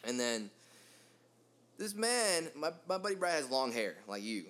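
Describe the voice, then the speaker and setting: A man in his twenties telling a rambling, animated story in casual podcast chat, full of fillers. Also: medium pitch, measured pace. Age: 20s. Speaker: podcast host.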